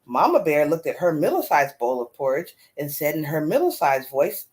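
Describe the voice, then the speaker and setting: A woman reading a children's story aloud in an expressive, animated way. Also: low-pitched, moderate pace. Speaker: storyteller host.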